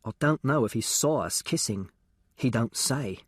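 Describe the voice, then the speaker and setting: A man narrating an audiobook in the first person, speaking in a plain working-class dialect. His pitch moves a lot, and the sound is dry and close to the mic. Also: lively intonation, moderate pace, breathy edge, dry recording.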